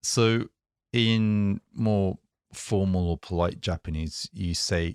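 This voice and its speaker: A man's voice: deep voice, steady tone, slow, clear, resonant tone, dry recording, clean studio sound. A man co-hosting a casual language-lesson podcast, chatty and joking about himself. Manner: joking, self-mocking, chatty. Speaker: podcast co-host.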